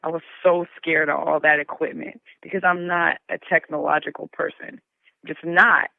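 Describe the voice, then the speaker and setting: A woman's voice: low voice, fairly even intonation, moderate pace, creaky, no echo, narrow, tinny audio. A woman who works in radio, chatting candidly and laughing easily as an interview guest, calling in from her recliner at home. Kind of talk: casual interview chat.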